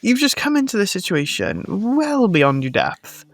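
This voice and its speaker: A man hosting a casual film review podcast, sweary and animated, often laughing and acting out lines. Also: high voice, measured pace, vocal fry, no echo, studio quality. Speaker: podcast host.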